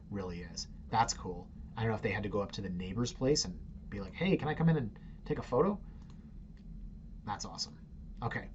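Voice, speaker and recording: A man's voice: on the low side, lo-fi sound, slight background noise. A middle-aged man, hosting a casual, opinionated commentary on real estate listings with sarcastic, muttered asides. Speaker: real estate agent host.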